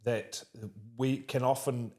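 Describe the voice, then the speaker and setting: A New Zealand-accented man interviews a guest casually and with animation, often laughing and restarting sentences. His voice sits mid-range and he talks at a slow pace.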